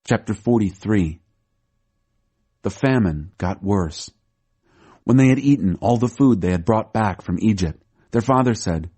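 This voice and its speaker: Husky low-voiced man reading scripture. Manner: steady, measured storytelling. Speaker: audiobook narrator.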